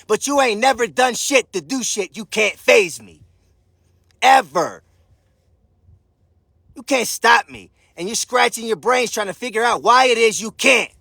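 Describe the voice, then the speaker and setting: A man giving a profane, defiant rant to his followers, often breaking into shouts. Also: very high-pitched, creaky, no echo, clean studio sound. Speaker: social media creator. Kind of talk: ranting monologue to his followers.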